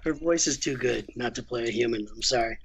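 A man guesting as a voice actor, chatting casually and telling candid, animated stories about his work. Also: medium pitch, brisk, gravelly, a little hiss or hum. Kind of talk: casual interview chat. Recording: lo-fi muffled audio.

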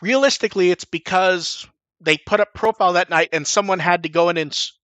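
A man hosting a podcast in casual chat, rambling and animated, swearing casually. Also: sits high, fairly quick, dry recording. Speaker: podcast host.

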